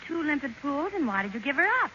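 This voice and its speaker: A brisk, tart hotel switchboard operator snaps off her lines with lively rises and falls. The sound is a dull 1940s radio broadcast with clear hiss. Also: high voice. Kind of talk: 1940s radio comedy acting.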